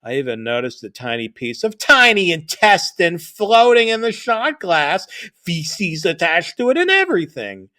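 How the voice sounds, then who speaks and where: A man's voice: sits high, sing-song, moderate pace, pushed and bright. A man narrating a comedic horror-parody story with crude, rambling, self-deprecating jokes.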